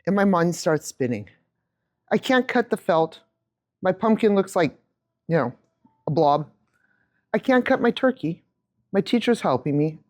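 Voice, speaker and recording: A woman in her fifties giving a keynote talk on stage, telling a childhood story to a live audience with an animated manner and a handheld mic. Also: lowish voice, a little slow, pauses often. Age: 50s. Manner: animated storyteller, acts out quotes. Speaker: keynote speaker.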